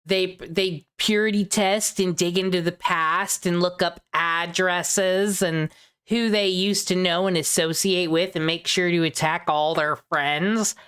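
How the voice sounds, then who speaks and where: A woman's voice: fairly low pitch, fairly even intonation, measured pace, a bit bright, clean tone. A young adult woman streamer giving sarcastic, mocking commentary with profanity and mock concern. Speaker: streamer reacting to videos.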